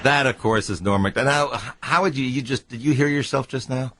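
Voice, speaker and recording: A man's voice: mid-range voice, brisk, a bit bright, no room sound. A man hosting a radio talk show, teasing his guest in a joking way and inviting listeners to call in. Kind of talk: casual radio interview. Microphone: studio microphone.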